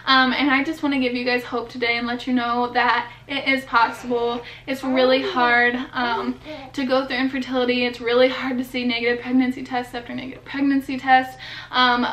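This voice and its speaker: A young woman in her twenties, a new mother, speaks earnestly and from the heart to camera in a personal vlog, using lots of fillers. Her voice sits high with a sharp tone, and the echoey room recording carries a little hiss or hum.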